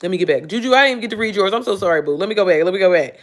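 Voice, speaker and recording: With rapid-fire speech and a medium pitch, a woman in her thirties hosts an easygoing motivational livestream. She reads viewers' comments and answers them, cursing freely and animatedly calling everyone "baby" and "y'all."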